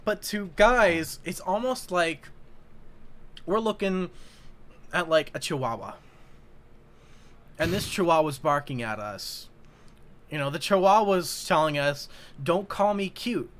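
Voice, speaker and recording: A man's voice: on the high side, animated, takes it slowly, long pauses, fairly bright tone. A young man in casual chat who rambles, searching for words with lots of fillers.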